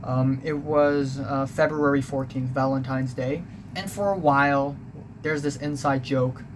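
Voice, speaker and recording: A man's voice: mid-range voice, fairly even intonation, unhurried. A young man telling a personal story in a rambling, confessional way, full of fillers and restarts. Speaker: vlogger. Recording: clear background noise.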